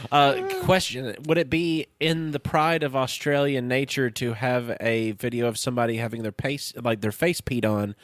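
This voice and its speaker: A man co-hosting a casual podcast, playful and quick to laugh. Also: medium pitch, fairly even intonation, dry recording. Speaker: podcast co-host. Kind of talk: casual chat.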